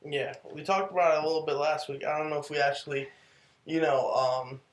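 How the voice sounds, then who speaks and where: A man's voice: fairly high pitch, fairly quick. Man, podcast co-host, reflective, agreeing, roomy echo. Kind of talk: casual faith podcast talk.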